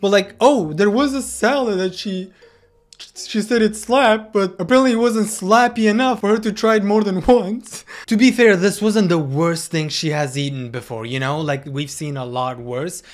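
A man's voice: high-pitched, normal speed. A man giving sarcastic, profane reaction commentary on a video. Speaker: commentary YouTuber.

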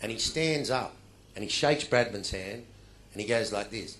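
A man's voice: lowish voice, normal speed. Australian man telling comic stories. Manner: animated, acts out dialogue in loud bursts. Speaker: after-dinner speaker. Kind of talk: comic storytelling to a live audience.

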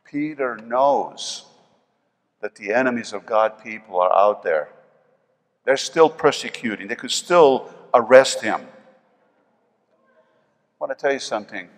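An older man with a New York accent preaching a sermon as pastor, swinging between loud emphasis and soft asides. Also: mid-range voice, animated, a little slow, long pauses. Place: church sanctuary. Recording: long reverb of a church hall.

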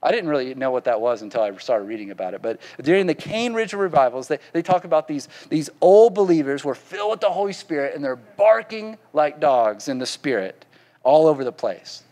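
A man's voice: on the high side, big pitch swings, fairly quick, dark tone, long reverb tail. A man with a Southern accent preaching a sermon in a folksy, conversational way, often asking the congregation questions. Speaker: pastor.

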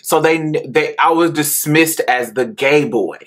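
A woman podcast host telling a personal story, animated and profane, laughing often as she talks. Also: low-pitched, a little slow.

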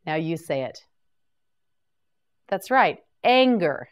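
A woman leads a slow, deliberate vocabulary lesson. Her voice sits a little low but moves a lot, and she sounds each word out clearly and then prompts the listener to repeat it. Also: very animated. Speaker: English vocabulary teacher.

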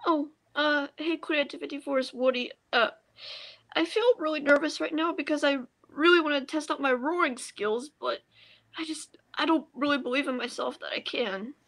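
Woman voicing a nervous toy dinosaur, hesitant, self-doubting, highish voice. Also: normal speed, a bit bright.

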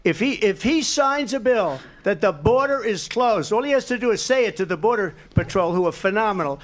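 A man debating on stage with a rather high voice, emphatic and repetitive. His answers ramble from point to point with heavy stress on key words. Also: lively intonation, a little fast. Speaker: presidential debate candidate.

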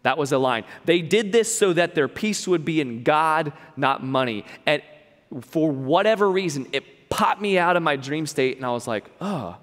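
A man's voice: fairly high pitch, lively intonation, normal speed, a bit bright, long reverb tail. A young man giving a sermon as a pastor, telling a personal story in a conversational way with lots of repeats and fillers. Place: church hall.

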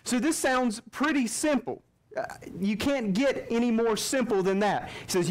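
A man's voice: very high voice, normal speed, poor audio. A man preaching a revival sermon in a church, reading scripture and acting out the quotes with frequent restarts. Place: church sanctuary.

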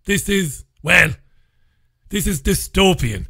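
Man, radio talk show host, high voice, sardonic and blunt, dry close studio sound. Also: animated, slow pace, creaky, pushed and bright, husky, no echo. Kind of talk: casual solo radio chat reading listener comments.

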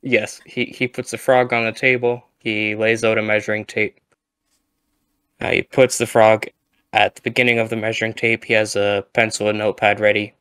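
A man's voice: lowish voice, flat delivery, normal speed, clear, resonant tone, dry recording. Casual male co-host, storytelling energy, dry close mic. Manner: playful storyteller, shouting the quoted lines. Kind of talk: casual gaming chat, telling a joke.

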